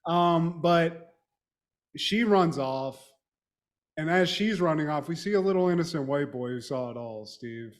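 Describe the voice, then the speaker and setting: High-voiced, animated man recapping a movie. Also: unhurried. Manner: animated, laughing storyteller, swears a lot. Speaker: podcast co-host recapping a film. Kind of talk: casual profane chat.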